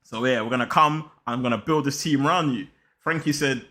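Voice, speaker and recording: A young man chats about football in a loose, slang-filled way. He talks straight to his viewers with hype and energy, at an everyday pitch. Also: brisk, bright, forceful tone. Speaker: football channel host. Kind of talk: casual football vlog chat.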